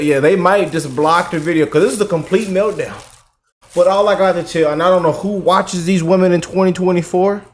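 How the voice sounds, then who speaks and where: A man giving an animated, mocking reaction commentary for his video channel, repeating himself for emphasis. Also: on the high side. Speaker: YouTube commentator.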